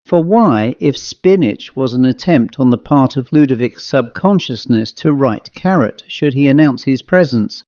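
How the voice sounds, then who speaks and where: A man narrating a ghost story in a measured storytelling manner. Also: medium pitch, a little mellow, no room sound. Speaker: audiobook narrator. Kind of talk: scripted narration. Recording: dull lo-fi dry recording.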